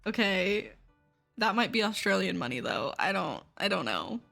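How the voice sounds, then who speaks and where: A woman's voice: mid-range voice, big pitch swings, normal speed, vocal fry, pushed and bright, soft background music. A young woman from Seattle chatting casually on a live stream, talking frankly and with exasperation, swearing often. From Seattle, USA.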